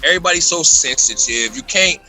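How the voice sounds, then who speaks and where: A man rants freely in casual podcast talk, circling back and repeating his points. His voice is very bright and forceful, sitting a little high for a man. Faint music plays underneath. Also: a little fast. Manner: animated, ranting, repeats himself. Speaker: podcast guest.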